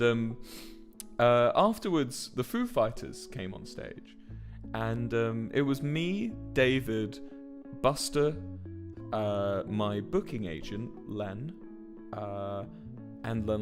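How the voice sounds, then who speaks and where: A man's voice: mid-range voice, big pitch swings, slow, over music. A man in his twenties tells a rambling story casually on a livestream and swears often. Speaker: musician and streamer.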